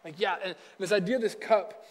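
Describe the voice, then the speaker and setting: A man preaching a casual sermon, chatty and acting out quick snippets of dialogue. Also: high voice, long reverb tail. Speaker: pastor.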